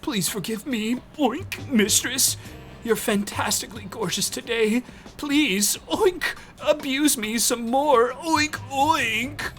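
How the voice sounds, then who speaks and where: A man's voice: very high voice, slow, fairly bright tone, soft background music, voice pushed up, exaggerated voice. A man doing a whiny begging older client. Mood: pleading. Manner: whiny, pleading, squeals oinks. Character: pathetic older male client, begging and oinking. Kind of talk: reading game dialogue aloud on a stream.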